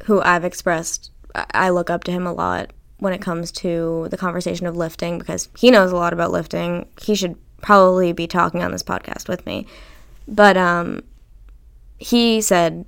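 Young woman, podcast host, casual chat, creaky, clear resonant voice, lively and swearing. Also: fairly low pitch, normal speed. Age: young adult. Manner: chatty and animated, swearing, acting out quotes.

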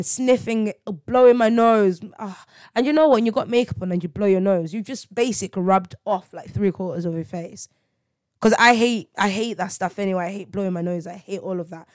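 A young woman hosting a casual faith podcast, telling stories in a lively, dramatic way with frequent laughter. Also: mid-range voice, no room sound, studio quality. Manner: animated, laughing, dramatic storytelling. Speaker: podcast host.

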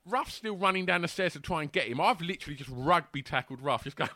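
A man's voice: sits high, fast, few pauses, no room sound. A man telling a rowdy anecdote in casual chat, laughing and acting out the voices. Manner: animated, laughing, acts out voices.

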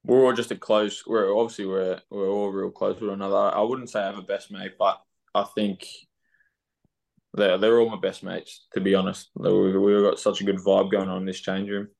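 A man's voice: low-pitched, vocal fry. A young man with an Australian accent, chatting loosely as a footballer guest on a podcast, laughing easily. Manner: relaxed, laughing, halting with fillers. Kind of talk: casual podcast interview.

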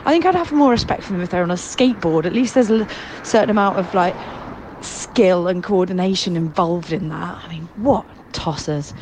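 A woman's voice: lowish voice, brisk. A woman leaving a ranting, sarcastic voice message for a podcast. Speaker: caller. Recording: noisy with traffic behind.

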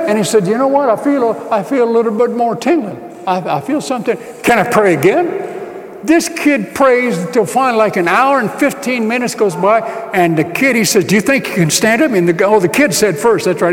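A man preaching a sermon, telling a story with acted-out dialogue and rising to shouts. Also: high-pitched, big-room sound. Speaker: pastor.

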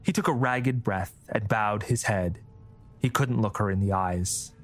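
A man narrating a fantasy story in steady scripted storytelling. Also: on the low side, measured pace. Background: music.

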